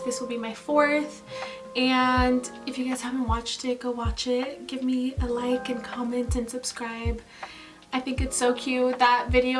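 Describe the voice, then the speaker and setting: A chatty young woman with a high, bright-sounding voice talks straight to her viewers, gushing and full of little laughs. She sounds a bit set back from the mic, with music playing underneath. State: pregnant, tired. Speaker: vlogger. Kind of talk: casual chat to camera. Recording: mic at a distance, music behind. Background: background music.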